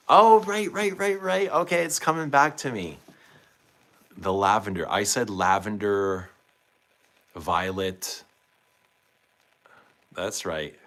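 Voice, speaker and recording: Deep-voiced man hosting a chatty livestream. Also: fairly bright tone. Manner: chatty, asks viewers questions. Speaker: livestream host. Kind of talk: casual livestream chat reading comments.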